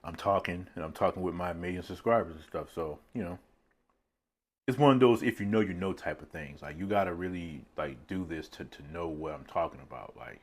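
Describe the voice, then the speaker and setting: With a deep, brisk voice that carries a breathy edge, a mukbang vlogger chats casually while eating on camera indoors. He drifts between thoughts, laughs often at his own comments, and is filmed on a tripod-mounted phone.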